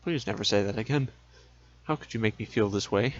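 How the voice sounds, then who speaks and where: A man co-hosting a casual podcast, dropping deadpan quips, on a slightly muffled microphone. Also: lowish voice, a little fast. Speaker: podcast co-host. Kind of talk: casual chat.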